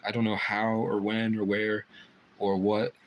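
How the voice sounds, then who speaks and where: A man's voice: lowish voice, completely flat delivery, measured pace, slight background noise, low-quality recording. A man hosting a casual livestream from a private room indoors, rambling and swearing freely as he chats. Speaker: livestream host.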